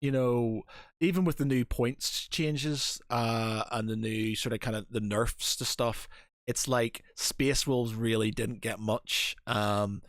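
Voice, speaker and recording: A man's voice: medium pitch, steady tone, slow pace, no echo, studio quality. A man co-hosting a podcast in casual chat, rambling with many fillers and restarts. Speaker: podcast co-host.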